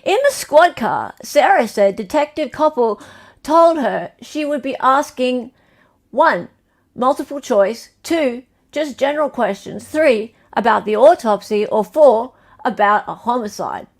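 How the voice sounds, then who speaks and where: An Australian woman hosting a livestream quiz, playfully reading out multiple-choice options slowly and repeating them. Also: a little high, animated, creaky. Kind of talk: casual livestream chat.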